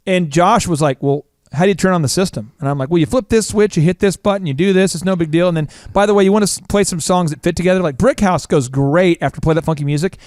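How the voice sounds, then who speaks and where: Quick and playful, this business podcast co-host jokes his way through anecdotes and gives the characters their own voices. His pitch sits high with a darkish tone, and the studio-quality sound has no echo.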